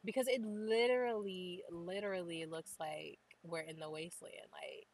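A woman's voice: lowish voice, fairly even intonation, moderate pace, a little mellow, low-quality recording. Chatty young woman gushing over a game. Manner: chatty, gushing, says "like" constantly. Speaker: gaming channel host. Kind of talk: casual game tour commentary.

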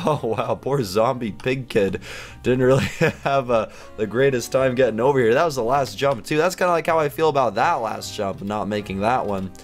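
A man giving excitable commentary over his own video game play as a gaming video host. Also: medium pitch, normal speed, soft background music. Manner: animated, squeals and baby-talks at cats. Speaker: gaming YouTuber.

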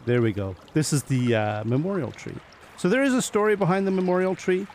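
A man's voice: on the high side, a little fast, darkish tone, a little hiss or hum. A man giving casual gameplay commentary, chatting to the animals he meets and laughing often as he plays. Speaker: gaming video host.

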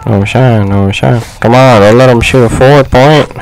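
A young man giving casual gameplay commentary, frustrated and slangy, yelling at his teammates. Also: medium pitch, a little slow, rough recording. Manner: frustrated, exclaiming, slangy trash talk. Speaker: gaming YouTuber.

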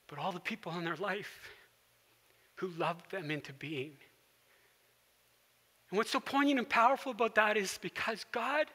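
High bright-voiced male pastor preaching. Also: in a large hall. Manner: storytelling, dropping to a soft hush for quiet moments. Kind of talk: sermon. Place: church sanctuary.

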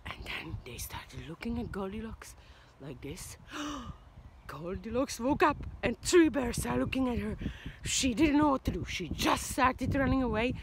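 Lady slowly telling a kids story outside, bouncy voice, noisy background. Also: fairly high pitch, animated. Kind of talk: casual storytelling to viewers. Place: outdoors.

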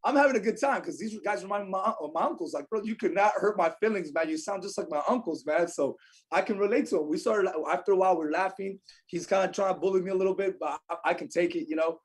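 A man tells stories at a rapid clip in a slightly husky, fairly high voice. He swings between hushed, somber stretches and loud, emphatic bursts. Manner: fast, emphatic, swings between quiet sorrow and loud energy. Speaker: podcast guest, insurance agent. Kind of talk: animated storytelling.

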